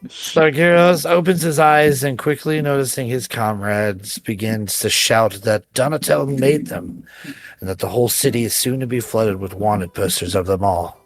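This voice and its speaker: A man's voice: mid-range voice, normal speed, soft background music. A man narrating a tabletop game as game master, telling the scene with vivid description. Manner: descriptive storytelling, laughs between scenes.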